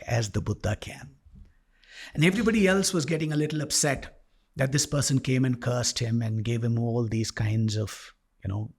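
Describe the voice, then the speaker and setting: A man's voice: mid-range voice, vocal fry, slightly rough. A male life coach and podcast host telling a story in a monologue, animatedly acting out both sides of a dialogue.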